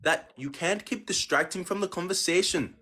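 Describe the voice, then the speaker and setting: A man's voice: high voice, moderate pace, over a noisy crowd. A man hosting a heated online debate, lecturing in a condescending tone and cutting in. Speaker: debate host.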